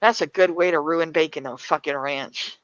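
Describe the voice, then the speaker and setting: A woman's voice: low voice, normal speed, no echo. A woman chatting casually on a stream and swearing freely as she tells stories. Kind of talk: casual chat. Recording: dry, lo-fi stream audio.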